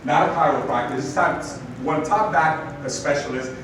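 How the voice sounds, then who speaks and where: A man telling a story to an audience, animated, acting out the people in it with laughs. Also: on the high side, normal speed. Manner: animated, acts out quoted voices with laughs. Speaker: speaker telling a business lesson story. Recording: distant mic in a very echoey room with noise.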